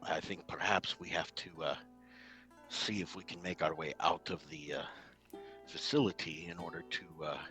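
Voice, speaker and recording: A man with a very deep yet bright, forceful voice plays a tabletop game, choosing formal, wordy phrasing between hesitant ums. Faint music runs underneath. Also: fairly even intonation, moderate pace. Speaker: player. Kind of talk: casual tabletop game play.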